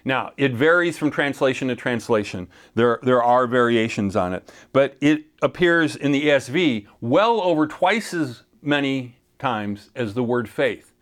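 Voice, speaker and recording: A man's voice: medium pitch, animated, a little slow. A male pastor preaching a sermon in a conversational way, with playful asides and frequent restarts.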